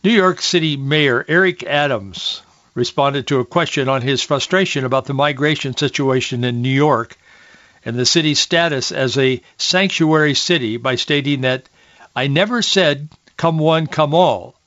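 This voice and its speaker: A man's voice: medium pitch, normal speed, sharp tone, dry recording, highs cut off. A man hosting a talk radio show, reading quotes and commenting with folksy restarts and rising heat.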